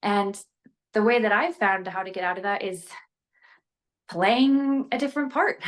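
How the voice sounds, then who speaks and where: A young woman talks openly as a podcast guest, her voice sitting at an ordinary middle pitch. She is lively and expressive, peppering her talk with "like" and breaking into short laughs. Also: unhurried. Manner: animated, frequent filler "like", laughs between thoughts. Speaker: guest, actress and motivational speaker. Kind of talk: casual podcast conversation.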